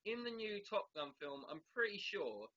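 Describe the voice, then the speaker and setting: A man's voice: sits high, big pitch swings, moderate pace, bright, forceful tone. A man co-hosting a podcast in casual chat, sweary and rambling, often laughing. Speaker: podcast co-host. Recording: dull lo-fi sound.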